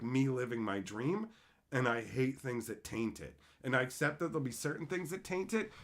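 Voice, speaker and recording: A man's voice: mid-range voice, fairly bright tone. A man live streaming and chatting with viewers. He reads their messages aloud and rants in a frustrated voice, swearing often. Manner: ranting, frustrated, swears a lot.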